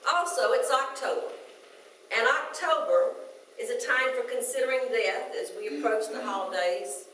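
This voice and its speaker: A woman in her sixties preaches in a chatty, thoughtful way, often pausing to restart a phrase. Her voice sits at an ordinary pitch and carries a heavy reverberation, picked up from some distance in a large church room. A faint hum of ambience lies beneath. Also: a bit bright. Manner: conversational, reflective, with hesitant restarts. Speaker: minister. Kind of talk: sermon. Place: church sanctuary. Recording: very echoey room, mic at a distance.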